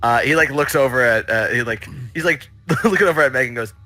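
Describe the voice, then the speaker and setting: Man, tabletop player, halting, laughing, bright voice. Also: mid-range voice, no echo, faint music behind. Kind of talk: tabletop role-play table talk.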